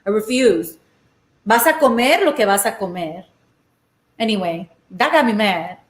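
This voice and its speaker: A woman's voice: medium pitch, moderate pace, roomy sound. A young woman from Los Angeles hosting a casual cooking live stream, chatting and ranting while she cooks and slipping in Spanish phrases. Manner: chatty, mixes in Spanish phrases, animated rants. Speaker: cooking show host. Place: home kitchen.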